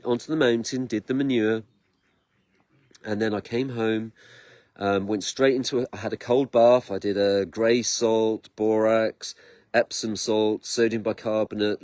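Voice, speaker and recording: A middle-aged man rambling through a personal vlog, excitable and quick to repeat himself, often tripping over his words. His voice sits at an ordinary middle pitch and sounds dry and close, with no room echo behind it. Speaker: vlogger. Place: outdoors in his garden.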